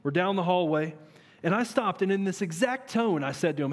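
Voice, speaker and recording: A man in his thirties preaching a sermon as a pastor, earnest and animated, asking his listeners questions. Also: high voice, a little fast. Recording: long reverb of a large hall.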